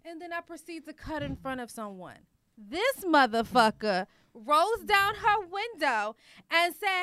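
A woman's voice: very high-pitched, unhurried, slight background noise. A woman co-hosting a podcast, chatting casually and telling stories with lots of swearing. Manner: profane, animated storytelling. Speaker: podcast co-host. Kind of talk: casual chat.

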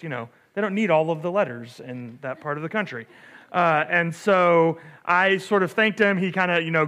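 A middle-aged man, a pastor, telling a story in a relaxed sermon, full of fillers and restarts, often asking "right?". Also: on the high side.

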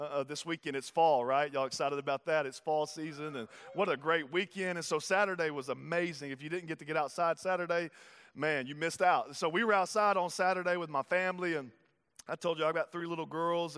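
A man, preaching a sermon as pastor, moving between hushed, intimate passages and loud, urgent ones. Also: a little high. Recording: hall reverb.

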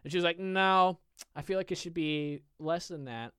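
A man's voice: on the high side, moderate pace, bright, forceful tone, smooth, dry recording. A young man co-hosting a podcast, telling a long rambling story full of swearing and "I was like". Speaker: podcast co-host. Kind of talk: casual storytelling chat.

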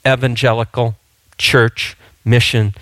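A man's voice: mid-range voice, flat delivery, slow, fairly bright tone, dry recording. A male pastor preaching a sermon in a conversational, storytelling way, with frequent fillers and restarts.

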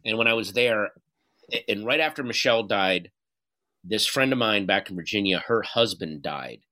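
A man being interviewed, speaking candidly and earnestly in halting bursts, with frequent restarts and some swearing. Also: fairly low pitch. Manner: earnest, halting, profane, animated retelling. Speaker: guest.

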